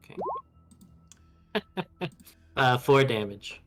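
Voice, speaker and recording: A man's voice: medium pitch, extremely slow, fairly bright tone, faint music behind. A man playing in a live tabletop game, chatting casually and laughing easily. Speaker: player.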